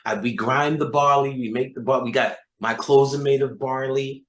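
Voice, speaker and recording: A man putting on a self-righteous eco do-gooder, earnest and rambling as he praises his own virtue. The voice is pitched a bit higher than plain talk. It echoes in a roomy space. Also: fairly even intonation, moderate pace, a bit bright, natural voice.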